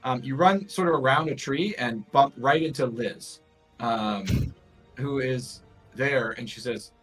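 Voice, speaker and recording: A man's voice: mid-range voice, a little slow, fairly bright tone, soft background music, rough recording. A man narrating a tabletop game as game master, in a loose, rambling way full of fillers. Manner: loose, lots of fillers and hedging.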